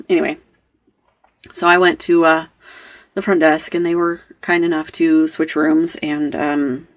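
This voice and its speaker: A woman hosting a knitting podcast tells a story in chatty, rambling fashion, full of fillers and asides, as casual storytelling. Her voice is low and gravelly.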